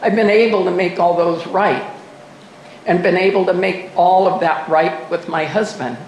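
A woman's voice: fairly low pitch, steady tone, normal speed, a little mellow, echoey room, slight background noise, rough recording. Older woman telling a wry personal story. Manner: candid, self-mocking storytelling with wry humor. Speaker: speaker sharing at a recovery meeting. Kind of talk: personal testimony at a meeting. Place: meeting room. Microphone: microphone at a podium.

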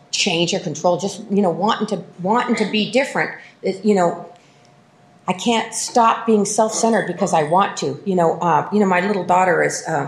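A middle-aged woman telling her recovery story at a meeting, self-mocking and lively, full of fillers and restarts. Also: on the low side, roomy sound. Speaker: speaker sharing at a recovery meeting. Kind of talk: personal recovery testimony.

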